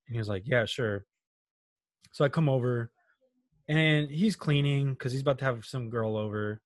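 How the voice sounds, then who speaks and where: A young man casually telling a long personal story on a podcast, animated and quoting his friends as he goes. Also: mid-range voice, moderate pace, no room sound.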